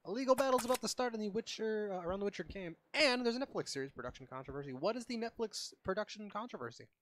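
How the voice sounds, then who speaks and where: A man's voice: high-pitched, animated, racing, fairly bright tone. A man streaming a video game, chatting casually and rambling with lots of filler words. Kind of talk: casual gaming chat.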